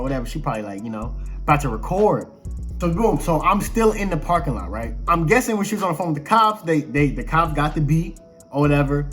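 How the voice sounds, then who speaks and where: A young man tells a personal story to camera in a casual, slangy way, his voice sitting a little high for a man. He acts out each exchange as he retells it. Faint music plays quietly underneath. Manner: animated, slangy retelling full of quoted exchanges. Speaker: vlogger telling a personal story.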